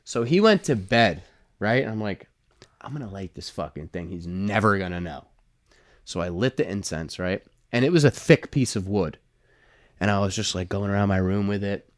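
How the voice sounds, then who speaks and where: A man's voice: on the low side, expressive, moderate pace, no echo. Profane storytelling man, dry close sound. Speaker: guest comedian. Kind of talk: casual podcast chat.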